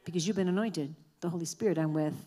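A woman's voice: on the low side, fast, warm tone. A woman preaching a fervent sermon in a church, repeating lines for the congregation to say back.

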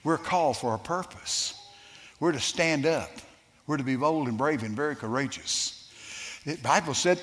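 A man preaching a sermon, telling a personal story in a folksy, animated way with some stammering. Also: fairly high pitch, moderate pace. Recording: long reverb of a large hall.

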